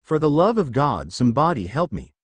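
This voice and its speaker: A man's voice: mid-range voice, sing-song, fairly quick, slightly rough, no room sound. Evasive grown ninja sensei, sheepish, voiced by a male reader, dry close sound. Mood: flustered. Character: lazy adult male ninja teacher, evasive.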